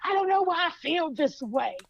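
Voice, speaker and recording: A woman podcast co-host casually retelling a fan story, acting out the characters' lines with lively colloquial talk. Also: very high-pitched, normal speed, creaky, dry recording, dull audio. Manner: animated storytelling in colloquial Southern US English, acts out lines.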